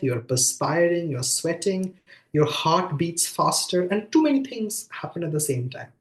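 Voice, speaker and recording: A man giving an academic lecture over a video call, talking conversationally with many fillers and restarts between read extracts. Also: sits high. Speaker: guest lecturer. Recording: echoey room sound.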